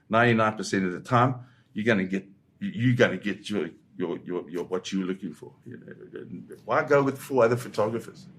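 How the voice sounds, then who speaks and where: An older man with a fairly low voice tells a tense story from his days as a war photographer. He speaks with vivid, halting restarts as a guest in an interview. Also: fairly bright tone.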